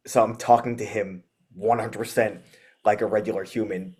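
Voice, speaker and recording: A man, a guest musician, chatting casually in an interview, rambling with lots of fillers and animated retellings. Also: fairly low pitch, moderate pace.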